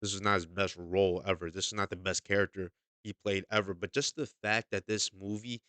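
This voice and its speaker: A man's voice: lowish voice, fairly bright tone, clean tone, no room sound. A man giving a casual, emphatic movie review, often repeating himself and checking in with "okay?". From United States.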